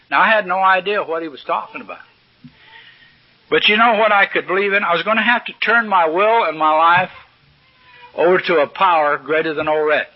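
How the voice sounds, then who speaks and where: A man's voice: high voice, brisk. An older man speaking at a recovery meeting, telling stories in a folksy, salty, humorous way from a podium. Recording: dull lo-fi old recording.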